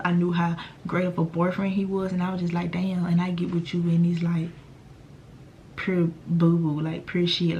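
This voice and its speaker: A woman's voice: fairly low pitch, slight background noise. A young adult woman telling a personal story to her viewers in a casual, slangy, profane way. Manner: addresses viewers directly. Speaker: vlogger.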